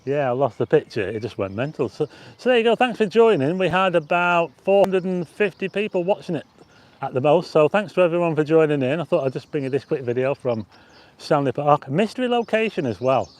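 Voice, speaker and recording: A man's voice: on the high side, lively intonation, a little fast, dry recording. A man hosting a live walking vlog in a city park, chatting loosely to viewers and greeting them as he goes, on a plug-in mic attached to a phone. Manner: chatty and rambling, greets viewers and reads out chat. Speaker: livestream host. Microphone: plug-in mic on a phone with a stabilizer.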